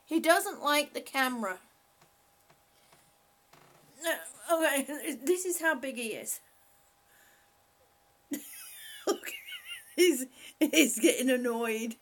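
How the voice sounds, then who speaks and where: A woman's voice: high voice, extremely slow, long pauses. A woman hosting a casual live chat from home, rambling and laughing often as she talks to her pets. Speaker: live-stream host.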